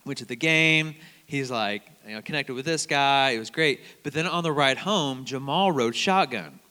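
A man preaching a conversational sermon as a campus minister, telling stories in an animated way and quoting other people's words. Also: mid-range voice, normal speed, clear, resonant tone. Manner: conversational, animated storytelling with quoted voices. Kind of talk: sermon with storytelling. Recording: long hall reverb.

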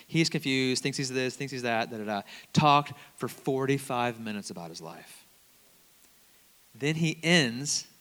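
A man preaching a sermon, telling stories animatedly and swinging between loud bursts and hushed asides. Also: medium pitch, big-room sound.

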